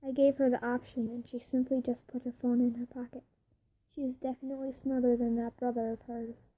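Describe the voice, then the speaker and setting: A cold male demon who speaks with calm, sarcastic mockery, as a woman reads him out. The voice is high and mellow. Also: fairly quick, husky, rough recording. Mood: mocking. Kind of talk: fan fiction reading.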